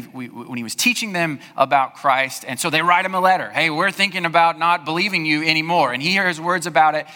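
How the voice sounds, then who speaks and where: A man preaches in a relaxed, conversational way, often tossing out a quick "right?" to the congregation. His voice sits a little high and sounds bright and forceful. The sound carries a long reverb, as in a large church hall. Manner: conversational preaching with rhetorical questions. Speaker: pastor. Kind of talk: sermon.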